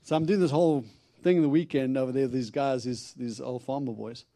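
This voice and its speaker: A man's voice: mid-range voice, fairly quick. A man preaching to a congregation, telling stories with acted-out quotes and frequent laughter. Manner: animated storyteller, acts out quotes, laughs often. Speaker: itinerant preacher. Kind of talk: storytelling sermon.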